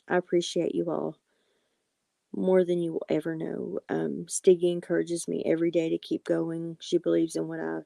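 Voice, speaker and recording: A woman hosts a live card-reading stream in a low, gravelly voice with heavy vocal fry. Her tone is mellow and dark, recorded dry and close. She speaks gently to her viewers, calling them sweetie and honey. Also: no room sound. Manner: soft-spoken, affectionate, calls viewers sweetie and honey; apologetic and reassuring. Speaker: livestream tarot and oracle card reader.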